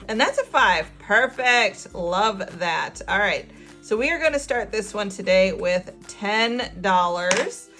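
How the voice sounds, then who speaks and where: A woman's voice: mid-range voice, fairly bright tone. A middle-aged woman hosting a budgeting channel, chatting casually and laughing as she counts money aloud. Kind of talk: casual chat while cash stuffing.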